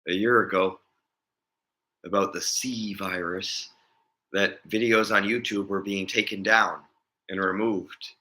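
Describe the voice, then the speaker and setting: A man's voice: low voice, steady tone, a little slow, long pauses, pushed and bright. A man vlogging in a casual, rambling chat, often chuckling as he talks.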